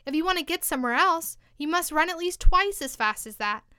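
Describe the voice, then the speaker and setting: A woman reading the part of a brisk, bossy queen in a storybook, giving orders. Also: very high voice, animated, pushed and bright, dry recording, clean studio sound, voice pushed up, exaggerated voice. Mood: instructing. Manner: brisk, commanding.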